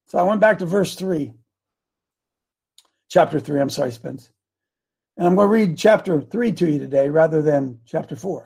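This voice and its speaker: High, gravelly-voiced male host. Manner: excitable, rises to shouting bursts; chuckles between lines. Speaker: show host. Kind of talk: talk show commentary with scripture reading.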